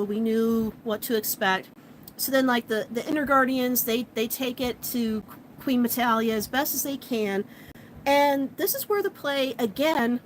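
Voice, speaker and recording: Sex: woman. Role: vlogger. Style: casual show recap. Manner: chatty, animated. Pitch: high. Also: a little hiss or hum, low-quality recording.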